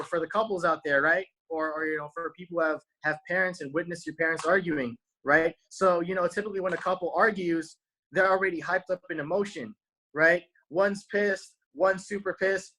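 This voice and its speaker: A man's voice: sits high, sharp tone, poor audio. A man giving a casual motivational talk to his viewers, using slang and tagging "right?" onto almost every point. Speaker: motivational speaker.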